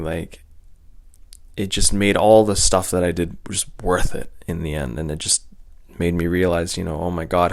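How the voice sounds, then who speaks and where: A young man hosting his own channel, telling a personal story unscripted, earnest and emotional, stumbling and repeating words with long pauses. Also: deep voice, vocal fry. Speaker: channel host.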